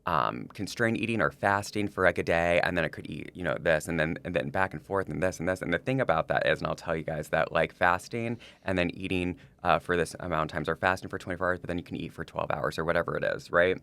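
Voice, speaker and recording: A man's voice: low voice, fast talker, vocal fry, few pauses, a bit bright. A man on a podcast, telling a personal story in casual chat, rambling with lots of likes and restarts. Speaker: podcast co-host.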